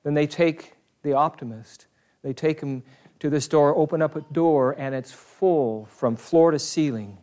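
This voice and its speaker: A man preaching a sermon in an earnest, emphatic way, slowing down on key phrases and turning to the congregation with conversational asides. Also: a little high, darkish tone.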